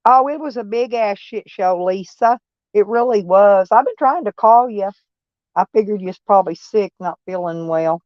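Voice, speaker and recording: A woman's voice: mid-range voice, moderate pace, no echo, muffled recording. A woman chatting casually on a live stream, folksy and blunt, answering viewers' comments by name and swearing mildly. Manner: blunt, peppered with mild cursing.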